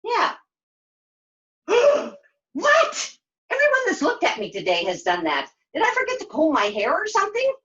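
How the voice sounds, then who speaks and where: A woman puppeteer voicing a chatty, excitable young girl who talks in quick, sassy bursts during a puppet show. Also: high voice, highs cut off, full character voice. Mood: sassy, excited. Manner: breathless, sassy, quick to exclaim.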